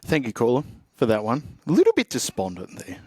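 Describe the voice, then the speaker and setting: A man's voice: mid-range voice, wildly swooping pitch, fairly quick, a little mellow, slightly rough, no echo. A man hosting a casual podcast, joking and rambling as he reads listener posts. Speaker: podcast host.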